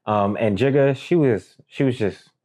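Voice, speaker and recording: Brief: young male co-host, relaxed and joking, mid-range voice. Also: medium pitch, unhurried. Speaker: podcast co-host. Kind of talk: casual chat.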